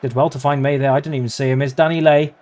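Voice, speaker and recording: A young man giving casual, excitable play-by-play commentary over a football management game, yelping at near misses and swearing casually. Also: mid-range voice, fast talker. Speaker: gaming YouTuber.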